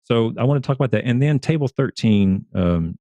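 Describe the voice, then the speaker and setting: A man who is a turf scientist, talking as a guest on a casual livestream, earnest and animated, often repeating and restarting his words. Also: mid-range voice, brisk, no echo, highs cut off. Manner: animated storyteller.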